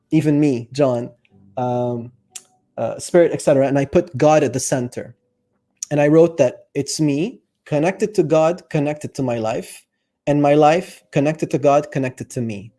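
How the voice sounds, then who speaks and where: A man's voice: a little high, dark tone. A man coaching viewers in a casual, earnest monologue, thinking aloud with fillers and speaking openly about his feelings. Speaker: life coach. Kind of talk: casual reflective monologue to camera.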